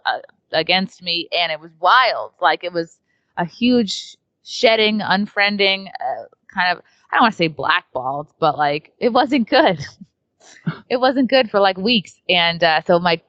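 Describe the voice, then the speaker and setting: A woman's voice: on the low side, a bit bright, dry recording. A woman comedian from New York, telling a story in a casual, chatty way with lots of filler words as an interview guest. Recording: dry, dull lo-fi sound.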